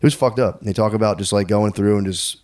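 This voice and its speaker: A man's voice: on the low side, steady tone, fast talker, darkish tone. A man co-hosting a podcast, telling a story in a loose, profane, rambling way. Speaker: podcast co-host. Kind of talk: casual chat.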